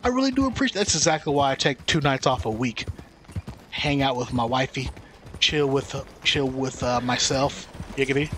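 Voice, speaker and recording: A man's voice: medium pitch, fairly even intonation, moderate pace, a bit bright, slight background noise. A man streaming a video game, joking and rambling as he thanks chat by name. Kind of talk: casual live-stream chat.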